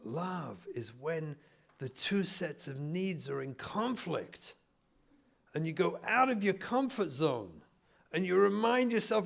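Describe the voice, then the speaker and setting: Rabbi guy from israel lecturing, kinda high gravelly voice, tells stories with lots of punch. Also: takes it slowly. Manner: animated, storytelling, emphatic. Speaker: rabbi and family therapist. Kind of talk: lecture with acted anecdotes.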